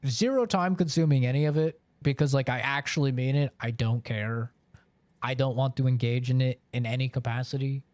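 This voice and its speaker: A man's voice: mid-range voice, fairly quick, a little mellow, no room sound. Rambling, chatty man streaming live. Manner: rambling, filler-heavy, chatty. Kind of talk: casual live-stream chat.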